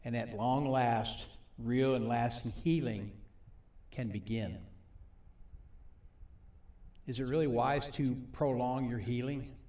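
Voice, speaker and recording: A man's voice: mid-range voice, warm tone. Man preaching in an echoey hall. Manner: asks the audience questions, reads scripture slowly. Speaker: recovery ministry preacher. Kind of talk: sermon. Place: meeting hall with a live audience. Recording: echoey hall, mic from a distance.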